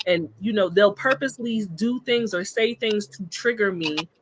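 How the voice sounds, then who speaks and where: A woman on a podcast, telling stories in a lively, emphatic way in casual chat. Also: medium pitch, normal speed, a little hiss or hum, poor audio. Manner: animated, emphatic storytelling. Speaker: podcast guest discussing relationships.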